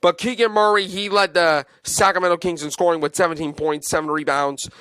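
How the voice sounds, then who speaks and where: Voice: medium pitch, fairly even intonation, fairly quick, a bit bright, clear, resonant tone, dry recording. A sports podcast host giving an opinionated, emphatic take on a basketball game, repeating points for force. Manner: emphatic and repetitive, hammering points home; fan venting, then reading out game stats.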